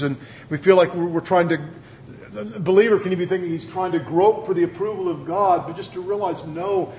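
A man's voice: a little high, a little hiss or hum. A man preaching a sermon in an earnest, conversational way. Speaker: pastor.

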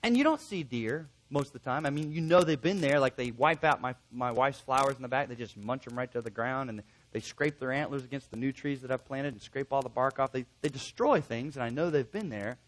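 A man's voice: medium pitch, fairly quick, few pauses, poor audio. A middle-aged male pastor preaching a sermon in an earnest, emphatic way, acting out bits of conversation.

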